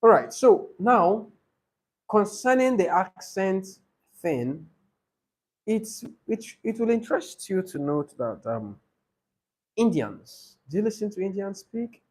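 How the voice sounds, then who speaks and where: A man leads a speaking-test training class. His voice sits high. He moves at a slow, deliberate pace and repeats each rule for note-takers. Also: very animated, darkish tone. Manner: repeats key rules slowly for note-taking. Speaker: IELTS trainer. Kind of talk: classroom teaching. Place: training session room.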